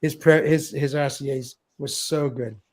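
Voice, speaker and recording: A man's voice: mid-range voice, fairly even intonation, measured pace. A middle-aged man hosting a livestream in a casual chat, reading viewer comments aloud, laughing often and tripping over his words. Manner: chatty, laughs often, stumbles and repeats words. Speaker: livestream host.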